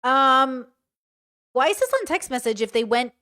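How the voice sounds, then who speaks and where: Woman commentator, high-set voice, smooth and clear, sarcastic and incredulous as she reads texts aloud. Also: very animated, measured pace, sharp tone. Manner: sarcastic, incredulous, swears freely. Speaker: commentary host.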